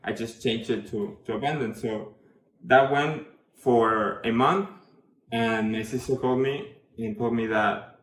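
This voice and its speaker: A man giving an earnest, halting personal testimony, often correcting himself. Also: medium pitch, a bit bright. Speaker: event attendee giving a testimonial. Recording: echoey room, mic far off, faint noise.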